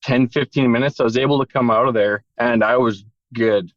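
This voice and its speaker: A man's voice: mid-range voice, steady tone, fairly quick, dry recording, highs cut off. A man telling an emotional personal story in a candid, casual way, with the odd swear word. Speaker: podcast guest.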